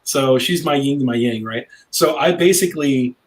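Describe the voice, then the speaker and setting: A man's voice: medium pitch, moderate pace, rough recording. A brash middle-aged man, a cigar maker guesting on a podcast, telling a long rambling story in casual chat.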